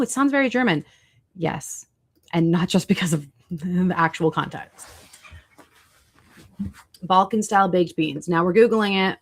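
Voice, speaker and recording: A woman with a low, creaky, darkish voice hosts a casual livestream, talking with viewers, reacting to chat and searching online for foods as she speaks.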